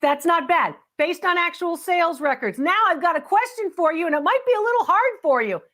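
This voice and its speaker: Brief: high-pitched middle-aged woman host, upbeat, chatty antiques appraiser on a call-in show. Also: expressive, a little fast, fairly bright tone.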